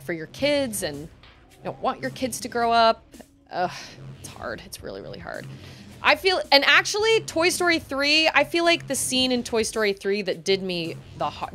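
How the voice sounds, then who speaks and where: A woman's voice: fairly low pitch, fairly bright tone. A woman livestreaming a video game, chatting casually and rambling, laughing often. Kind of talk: casual chat while gaming.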